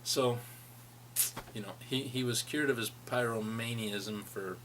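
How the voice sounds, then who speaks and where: Bright-voiced man telling old stories. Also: lowish voice, normal speed, a little hiss or hum. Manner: rambling, laughing as he reminisces. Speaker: friend sharing memories. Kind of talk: personal storytelling.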